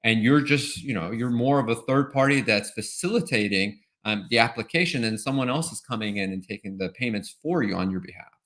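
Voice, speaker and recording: A man's voice: mid-range voice, fairly quick, hardly any pauses, fairly bright tone. A man answering as an expert guest in a webinar interview, explaining step by step and often checking in with "right?". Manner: explanatory, tags points with "right?".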